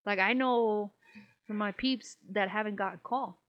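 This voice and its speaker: A woman co-hosts a podcast and tells a story in casual conversation, her voice medium-pitched and unhurried. She swears freely and animatedly acts out what people said. The recording is dull and lo-fi.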